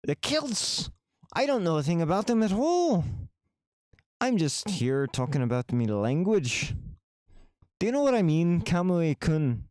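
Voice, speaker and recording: A man's voice: on the high side, sing-song, unhurried, darkish tone, clear, resonant tone, no echo, studio quality, pitched above the performer's own voice. A man voicing a mock Irish character with a put-on Irish accent, jovial and scolding, teasing with an exaggerated lilt.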